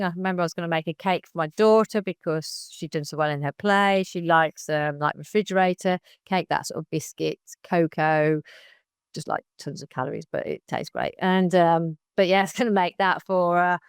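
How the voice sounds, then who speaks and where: Recounting her story as an interview guest on a podcast, this woman animatedly performs other people's lines along the way. She has a lowish, smooth voice and speaks a little fast, with clean studio sound and no room sound.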